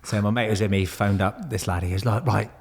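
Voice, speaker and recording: Bloke, low-ish voice, swears a lot telling old stories. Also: male voice, steady tone, quick pace, breathy edge. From Bristol, England. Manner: swears freely, laughs through stories. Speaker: podcast guest, former Royal Marine. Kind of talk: casual storytelling.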